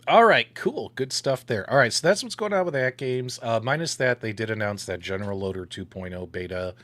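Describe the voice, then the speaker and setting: A man's voice: mid-range voice, lively intonation, fairly quick, fairly bright tone. A man co-hosting a live-streamed arcade gaming show, chatting casually with a laid-back, rambling manner full of fillers. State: catching his breath.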